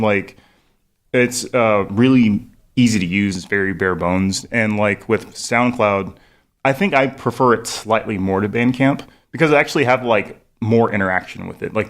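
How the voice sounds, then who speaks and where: Young male musician guest: gravelly, a touch low, rambling with filler words, talks around a cough drop on a close studio mic. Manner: rambling, heavy "like" fillers, laughs often. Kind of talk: casual radio interview. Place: college radio studio. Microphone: studio microphone, close.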